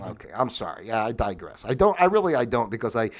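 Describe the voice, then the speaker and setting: A man's voice: medium pitch, sing-song, fast, few pauses, very noisy. A middle-aged man hosting a casual livestream, reading out facts in a rambling, jokey way and breaking off into asides. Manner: rambling, jokey, self-interrupting. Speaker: livestream host. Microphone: phone.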